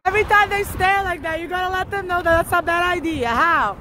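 A woman's voice: extremely high pitch, fairly quick, background noise. A woman ranting bluntly and combatively while walking outdoors on a city street, swearing a lot. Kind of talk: profane street rant.

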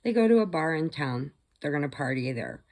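A crochet vlogger with a low voice talks a little fast as she chattily retells a horror film's plot. She's animated and acts out the characters' voices along the way.

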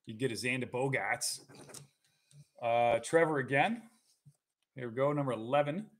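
A man's voice: medium pitch, normal speed, a little hiss or hum. A man co-hosting a live card break, talking in rambling, joking banter. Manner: rambling, jokey, lively.

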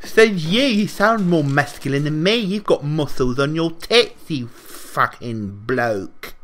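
A man's voice: a little high, expressive, a little slow, a bit bright. A young man, mocking and insulting strangers in a game's voice chat through a headset. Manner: taunting, mocking and crude. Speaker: online troll. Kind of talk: trolling in game voice chat.

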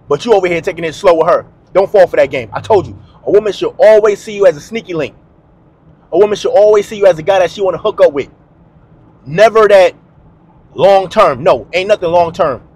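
A man hosting a dating advice video, talking bluntly and emphatically to camera in a slangy, repetitive way. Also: high voice. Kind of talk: direct-to-camera advice monologue.

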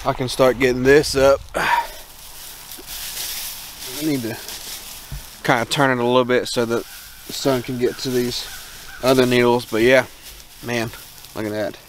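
A man's voice: medium pitch, level tone, unhurried. A man with a Southern American accent, casually vlogging outdoors about his homestead in a rambling, enthusiastic way with many restarts. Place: outdoors in a yard. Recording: faint outdoor noise.

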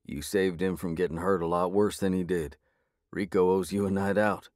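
A man voicing a huge blue werewolf ex-soldier with an East Texas drawl and a low, growly voice. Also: fairly even intonation, moderate pace, a little mellow, no room sound, studio quality, lightly acted. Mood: calm reassuring.

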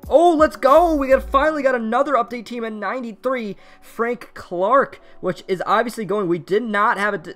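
A young man streaming live while opening card packs in a mobile game. He chats with viewers, reads chat aloud, and bursts into shouting and laughter at big pulls. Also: high-pitched. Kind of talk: live pack-opening commentary. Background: faint background music.

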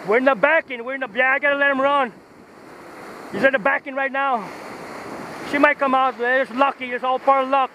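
A man fishing from the shore, whooping and calling out excitedly as he fights a big fish, with surf and wind behind him. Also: very high-pitched, fairly quick, long pauses. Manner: whooping, shouting with excitement, local slang. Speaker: fisherman. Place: outdoors on the shore by the ocean. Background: waves and wind.

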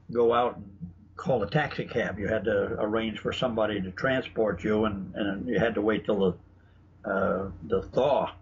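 A man being interviewed, telling stories in a chatty, anecdotal way, with frequent restarts. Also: on the low side. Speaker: guest author and researcher. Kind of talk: casual interview talk, storytelling. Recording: dull lo-fi broadcast audio with faint noise.

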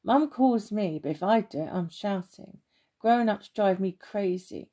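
A woman's voice: medium pitch, lively intonation, a little slow, mellow. A woman voicing an exasperated young schoolboy in a children's storybook. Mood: grumbling. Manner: exasperated, raised voice.

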